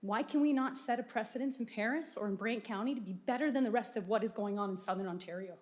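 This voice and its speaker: Woman, mother, council meeting resident, emotional, pleading, higher voice. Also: fast, darkish tone. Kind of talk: public comment. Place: council chamber.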